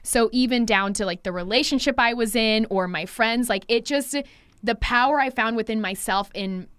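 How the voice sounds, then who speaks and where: A woman's voice: fairly high pitch, normal speed, a bit bright, clear, resonant tone, dry recording, clean studio sound. A woman hair stylist and coach talking candidly in a podcast conversation, swearing freely and acting out past exchanges with clients.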